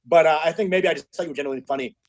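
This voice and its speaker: Brash, joking man with a fairly high voice. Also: rapid-fire, over a noisy crowd. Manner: brash, profane, joking, often laughs. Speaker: comedian guest. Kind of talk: casual comedic chat.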